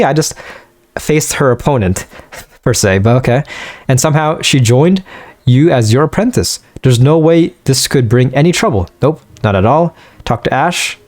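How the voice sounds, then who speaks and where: Young guy doing let's play commentary, bouncy pitch, faint music behind. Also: a little mellow. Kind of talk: casual gameplay commentary.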